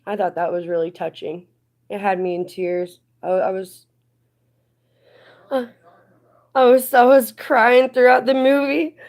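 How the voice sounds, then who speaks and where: A woman talking on her live stream in a loose, rambling way. Her pitch sits in the middle and she drifts from story to complaint with plenty of fillers. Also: level tone, unhurried, pauses often, a little mellow. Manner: chatty, rambling, indignant at times. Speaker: livestreamer. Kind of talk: casual live stream chat.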